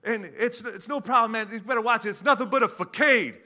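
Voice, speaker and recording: A man impersonating an excitable male comedian, loud, high and animated. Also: fast, exaggerated voice. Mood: excited.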